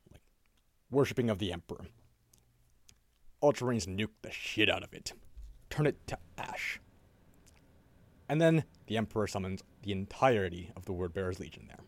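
A man on a podcast, casually retelling a story in a loose, animated way, with swearing and quoted voices. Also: low-pitched, dry recording. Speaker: podcast host.

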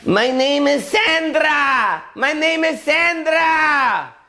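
A man voicing a young woman in a nightclub who shouts her answers slowly and loudly over the noise. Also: extremely high pitch, lively intonation, voice pushed up, exaggerated voice. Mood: shouting. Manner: loud, slow, drawn-out shouting.

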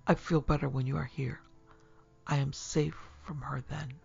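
A man voicing a feverish, delirious young drunk who speaks in hushed, plaintive whispers. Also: mid-range voice, flat delivery, normal speed, creaky, slightly rough, heavily acted. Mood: haunted, whispering. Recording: dull lo-fi recording, faint music.

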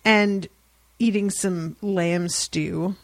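A woman hosting a casual book discussion, retelling scenes with animated, dry asides and frequent swearing. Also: fairly low pitch, extremely slow, no room sound. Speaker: podcast host.

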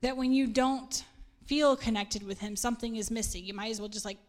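A woman's voice: fairly high pitch, steady tone, brisk. A middle-aged woman pastor, preaching a casual sermon in an earnest, chatty way and laughing at herself now and then.

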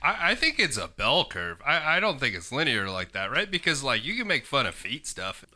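A man co-hosting a comedy podcast, musing quickly with stammering restarts. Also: medium pitch, big pitch swings, sharp tone. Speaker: podcast co-host. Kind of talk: casual comedy chat.

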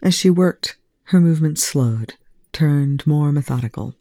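A reader giving even, measured narration of a fan fiction audiobook. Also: mid-range voice, dry recording, studio quality.

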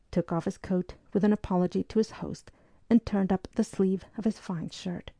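A woman narrating a historical novel aloud, reading in a measured, even way and giving the dialogue soft voices. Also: medium pitch, dry recording. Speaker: audiobook narrator.

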